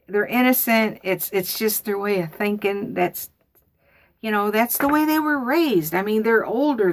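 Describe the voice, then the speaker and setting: A woman tells a homespun story in a rambling, folksy style, circling back and repeating herself. Her voice carries a steady gravelly fry at a middle pitch. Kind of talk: casual storytelling.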